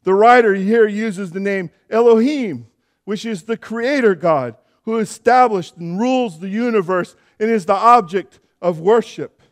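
A man's voice: high-pitched, unhurried. A younger man preaching a sermon as pastor in a church, earnest and building to emphatic exhortation.

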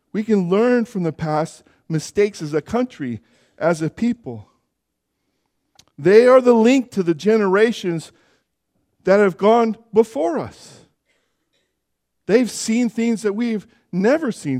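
High-voiced earnest male pastor preaching. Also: a little mellow. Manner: earnest, building to emphatic exhortation. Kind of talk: sermon. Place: church.

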